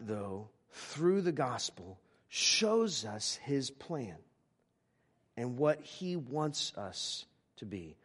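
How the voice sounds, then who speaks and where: Man preaching with hesitant restarts. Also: medium pitch. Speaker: pastor. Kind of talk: sermon.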